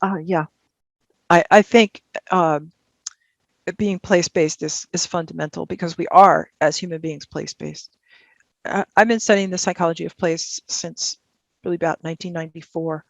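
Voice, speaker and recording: A woman in her seventies talks from her home office over a video call, her voice gravelly and dry. She rambles and thinks aloud, circling back with fillers and restarts. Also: lowish voice, steady tone, moderate pace, no echo. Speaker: guest speaker. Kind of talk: conversational talk and audience Q&A.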